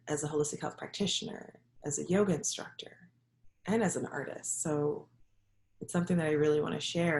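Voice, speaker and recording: Low gravelly-voiced woman telling a story. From Jamaica. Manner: reflective, halting, with soft laughs. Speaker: holistic health practitioner and yoga instructor. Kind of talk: personal storytelling. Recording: echoey room.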